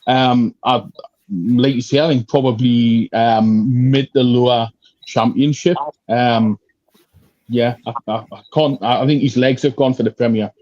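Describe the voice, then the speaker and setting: A man's voice: mid-range voice, fairly even intonation, measured pace, warm tone, dry recording. Blunt man on dull, dry call audio. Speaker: panel guest. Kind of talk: casual podcast chat.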